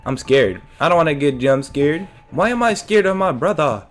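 A man's voice: on the high side, animated, normal speed, faint music behind. A man giving casual gameplay commentary as a streamer, joking to himself and his chat and yelping at scares. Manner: jokey, talks to himself and chat, yelps at scares. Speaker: let's play streamer.

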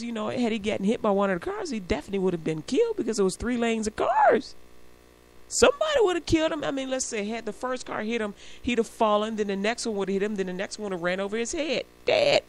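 A woman's voice: a little high, brisk. A woman radio host telling a story in a casual on-air monologue. She acts out the voices of the people in it and laughs often between remarks. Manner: animated storyteller acting out quoted voices. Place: radio studio.

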